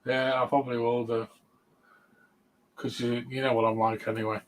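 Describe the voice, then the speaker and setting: A man's voice: medium pitch, little pitch movement, moderate pace, a little hiss or hum, poor audio. Chatty man hosting a casual chat. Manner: laid-back, chatty, laughs often. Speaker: host.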